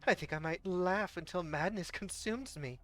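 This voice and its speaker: A streamer reading a game story aloud live and voicing a cruel, vengeful young woman who calls herself a witch, taunting slowly and theatrically. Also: medium pitch, natural voice. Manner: slow, taunting and theatrical, dropping to a menacing hush.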